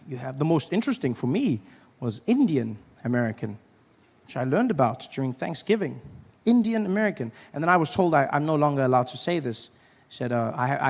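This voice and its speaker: A man performing a stand-up comedy routine, animated and acting out characters. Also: medium pitch, creaky, big-room sound. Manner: animated, acts out voices and shouts. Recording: live stage with faint audience noise.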